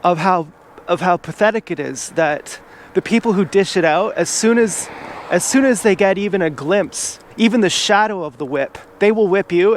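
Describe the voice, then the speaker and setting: A man's voice: high voice, a little hiss or hum. A man vlogging outdoors from an e-bike, rambling in a casual monologue full of "like" and restarts.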